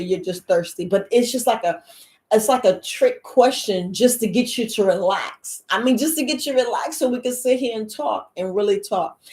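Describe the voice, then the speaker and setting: A woman life coach chatting casually to her listeners, lively and laughing, her voice jumping high for mock quotes. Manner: animated, jumps to high squeals for mock quotes, laughs often. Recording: roomy echo.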